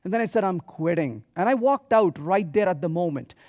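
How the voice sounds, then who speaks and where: A man giving a software conference talk, telling stories with quoted dialogue in an animated way. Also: sits high, fast, no room sound, clean studio sound. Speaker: conference speaker. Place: conference hall stage.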